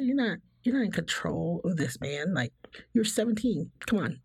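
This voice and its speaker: A woman with a gravelly, husky voice speaks candidly and laughs often, breaking into higher voices when she mimics friends and family. Her voice is close and dry, with no room sound. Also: normal speed, no echo. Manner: animated, laughs often, acts out others' voices. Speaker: guest. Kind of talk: candid personal conversation.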